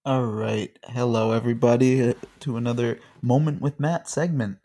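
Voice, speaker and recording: A man's voice: mid-range voice, steady tone, normal speed, mellow. A man co-hosting a casual podcast, easygoing and agreeable, introducing his own segment. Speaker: podcast co-host. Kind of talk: casual chat.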